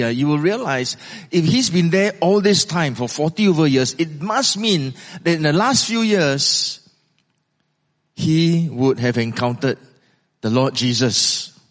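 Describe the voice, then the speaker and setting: Male preacher in a reverberant hall. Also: fairly high pitch. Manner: dramatic, varied pacing, rhetorical questions. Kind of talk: sermon storytelling.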